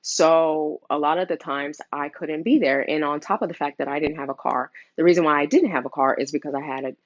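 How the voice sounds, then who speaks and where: A woman's voice: low voice, fairly quick, no echo. Earnest mother, dry lo-fi sound. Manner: earnest, open, many fillers. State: emotional, near tears. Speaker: mother sharing a custody story. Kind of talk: personal confessional vlog.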